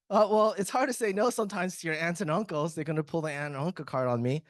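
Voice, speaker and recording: A man's voice: fairly high pitch, fast, hardly any pauses, no echo. A man in IT giving a casual, joking conference presentation, chatty and often breaking off mid-sentence to restart. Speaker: IT speaker at a tech summit.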